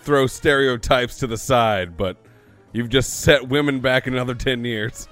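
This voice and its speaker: A man's voice: mid-range voice, measured pace, fairly bright tone, soft background music. A man joking sarcastically while playing a tabletop game. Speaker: player. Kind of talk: casual chat during a tabletop game.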